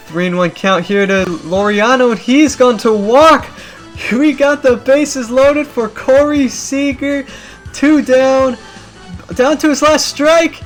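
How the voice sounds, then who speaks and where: A young man calls a video game baseball league with a fairly high voice and casual play-by-play energy. He gets animated and climbs into excited shouts when the action heats up. Faint music plays behind him.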